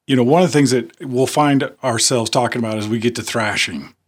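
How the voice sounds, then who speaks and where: A man co-hosting a casual talk show, relaxed and conversational. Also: medium pitch, fairly quick.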